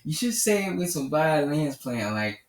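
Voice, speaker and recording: A man's voice: on the high side, sing-song, moderate pace. A man ranting with profane, combative, preachy commentary for his channel. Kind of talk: angry commentary rant. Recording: roomy echo, mic at a distance.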